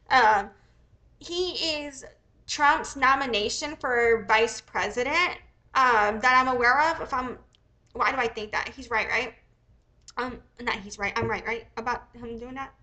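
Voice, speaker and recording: A woman's voice: fairly high pitch, bright, forceful tone. A young American woman hosting a casual livestream, a bit sick, rambling and swearing as she thinks aloud. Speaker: livestream host.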